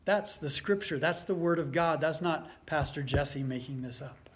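A man's voice: on the high side, moderate pace, fairly bright tone. Man preaching, reading scripture with rising force. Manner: reads scripture aloud with rising force, then explains it plainly. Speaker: pastor.

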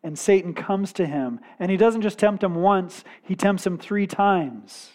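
A man preaching a sermon at a slow, deliberate pace. His voice sits a little high. He speaks earnestly and drops to a quiet weight on the key points. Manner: measured, earnest preaching with dramatic pauses and quiet emphasis. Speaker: pastor.

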